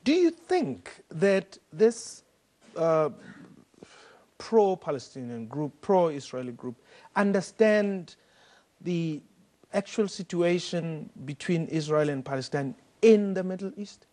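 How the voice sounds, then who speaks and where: A man's voice: fairly high pitch, sing-song, dark tone. Probing male TV interviewer. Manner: probing questions, halting with fillers. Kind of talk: TV news interview.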